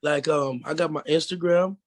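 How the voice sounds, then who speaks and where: A young man with a foreign accent and a deep voice that still sits a little high for a man. He talks in a loose, rambling way, full of fillers, as a guest in a casual interview. The sound is dry and close. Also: moderate pace, no room sound. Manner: rambling, relaxed, many fillers like "you know". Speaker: guest musician.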